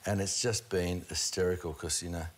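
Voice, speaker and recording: A man's voice: low voice, fairly even intonation, fairly quick. A man with an Australian accent, a chef hosting a casual chat while cooking in his home kitchen, rambling and laughing often. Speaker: chef and host. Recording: live stream with clear background noise.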